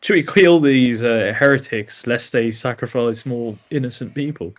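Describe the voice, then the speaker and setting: A man's voice: medium pitch, normal speed, dry recording, close to an everyday voice. A man voicing a pious warrior of a sun god who speaks earnestly about smiting enemies. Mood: solemn.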